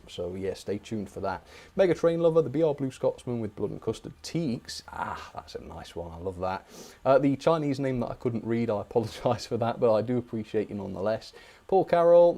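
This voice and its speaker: In a friendly live stream, a man reads out viewers' chat requests and thanks each person by name. His voice is mid-range and mellow.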